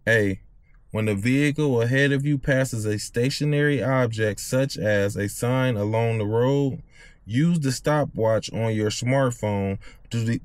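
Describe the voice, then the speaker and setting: A man's voice: medium pitch, dry recording. A man, reading driving test questions aloud and explaining the answers in loose, casual talk. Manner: reads questions slowly, then explains in loose slang. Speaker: CDL test tutor.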